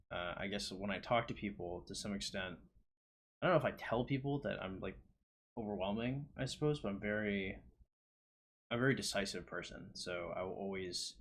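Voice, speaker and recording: A man talking alone in a reflective monologue, hesitant, with many pauses and restarts. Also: fairly low pitch, fairly bright tone, a little hiss or hum. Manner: hesitant, lots of ums and restarts. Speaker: solo talker reading his own poem.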